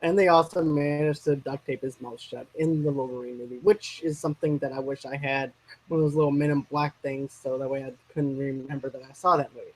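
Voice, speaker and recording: A man with a steady, mid-range voice co-hosts a casual movie discussion at a slightly fast pace over a rough recording. He rambles as he works through his opinions, restarting sentences and trailing off mid-thought.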